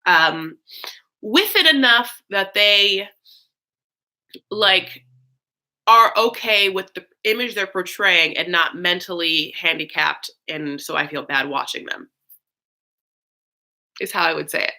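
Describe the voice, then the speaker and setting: A woman's voice: on the low side, slow pace, long pauses, pushed and bright. A young woman hosting a casual livestream, rambling with lots of fillers and gushing thanks to her viewers. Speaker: host of a live recap stream.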